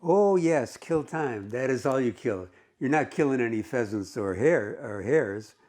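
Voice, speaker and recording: A sarcastic old lady with a quick, teasing tongue, needling the stranger who shares her bench, as a man reading aloud puts her on. She speaks in a somewhat higher voice, in the easy tone of a classroom reading. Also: animated, darkish tone, natural voice. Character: sharp-tongued cheeky old woman on a park bench.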